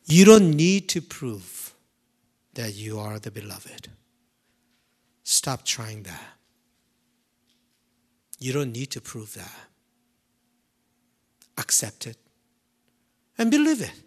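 A man preaching a sermon, swinging from loud emphasis to hushed near-whispers and repeating key phrases slowly. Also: mid-range voice, wildly swooping pitch. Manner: slow, deliberate delivery with repetition.

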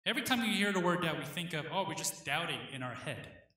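A man, the pastor, preaching an earnest sermon with dramatic pauses. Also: fairly high pitch, sing-song, bright, forceful tone, heavy reverb, distant mic.

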